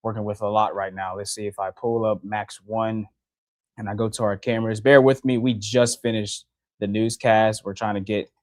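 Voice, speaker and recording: A man's voice: lowish voice, level tone, moderate pace, dry recording. A young man giving a casual live-stream weather update from a TV studio, chatty and laughing often as he works the radar. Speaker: TV meteorologist. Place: TV station studio.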